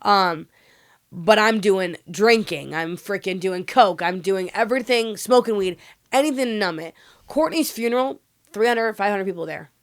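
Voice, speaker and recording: A woman guest on a podcast, telling her story candidly in an emotional, rapid way, full of "like" fillers and swearing. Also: mid-range voice, lively intonation.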